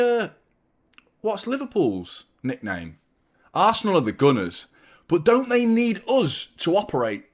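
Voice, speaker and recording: Rambling jokey football stream host. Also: male voice, a little high, huge pitch swings, unhurried. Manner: rambling, jokey, reads out viewer shout-outs. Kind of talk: casual live-stream chat.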